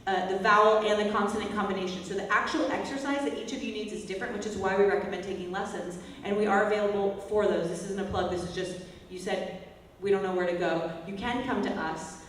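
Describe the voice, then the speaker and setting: A woman vocal coach teaching a singing workshop, breaking into loud whiny and bratty exercise calls to demonstrate. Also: mid-range voice, fast talker, a little hiss or hum. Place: large echoey hall, workshop. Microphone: distant from the mic. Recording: echoey hall, voice from far off, faint music.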